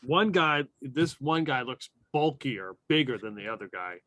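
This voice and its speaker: A man's voice: mid-range voice, expressive, measured pace, pushed and bright, dry recording. Man game master, chatty and laughing, mid voice, dry sound. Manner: loose and chatty, laughs often, restarts sentences. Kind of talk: narrating a tabletop game.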